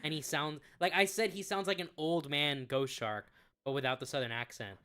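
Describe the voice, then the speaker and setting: A man's voice: a little high, steady tone, normal speed, pushed and bright, clean tone. A man co-hosting a casual reaction stream, joking and bantering about online drama. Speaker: co-host reacting to clips.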